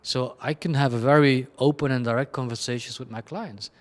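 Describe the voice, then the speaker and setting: Man, creative director being interviewed, chaotic and blunt, ordinary mid-range pitch. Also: fairly even intonation, brisk. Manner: chaotic, rambling, frequent restarts and laughs; blunt and self-deprecating. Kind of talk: candid conversational interview answers.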